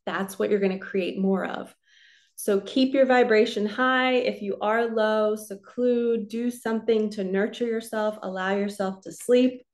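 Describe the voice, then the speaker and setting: A woman, a spiritual coach, giving a relaxed, chatty card reading and talking her listeners through slow belly breathing. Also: medium pitch. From New Jersey. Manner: relaxed, chatty, reassuring, lots of "like" and "so".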